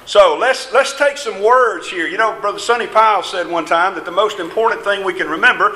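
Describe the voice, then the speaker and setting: A man's voice: high voice, a little fast, bright, forceful tone, roomy sound, rough recording. A man preaching a sermon in a folksy, emphatic way, with small jests along the way.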